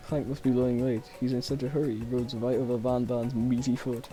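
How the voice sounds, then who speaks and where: A man's voice: mid-range voice, level tone, fairly quick, few pauses, warm tone, soft background music. A man streaming a dating game, reading its text aloud with playful, laughing, joking asides.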